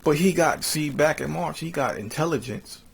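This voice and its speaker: A man giving casual commentary, reading quotes slowly and then rising into heated, mocking rants that end phrases with "man". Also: fairly high pitch, creaky, slightly rough, poor audio. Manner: drawls "man" at phrase ends. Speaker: religious commentator.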